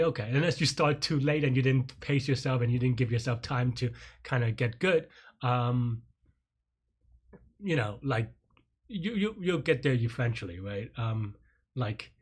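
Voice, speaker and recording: A man chatting loosely on a coding livestream, his voice a little husky and sitting at an ordinary middle pitch. He rambles, circles back with fillers and restarts, and pokes fun at himself now and then. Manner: self-deprecating with light laughs. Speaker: programming streamer. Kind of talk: casual livestream chat.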